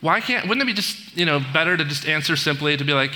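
Speaking fast in a slightly high voice with a sharp edge, a pastor tells a story in a conversational sermon. He recounts film scenes, throws in asides, and asks the congregation questions, with long hall reverb on the recording.

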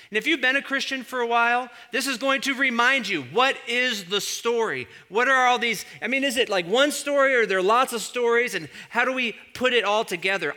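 Bright, animated male pastor. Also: sits high. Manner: animated, conversational, acts out quotes. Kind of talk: sermon.

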